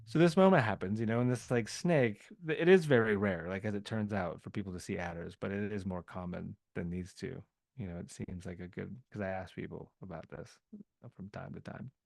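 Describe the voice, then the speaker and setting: A man's voice: low-pitched, fairly quick, creaky, a little mellow, no room sound. A man from the American South, a podcast guest telling a story in a loose, rambling way full of filler words. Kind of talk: casual podcast conversation.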